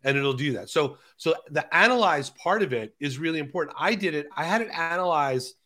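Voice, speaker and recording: A man co-hosting a conversational talk show, explaining ideas slowly and carefully with frequent restarts. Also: a little high, animated, sharp tone. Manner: talks slowly through key phrases, many restarts.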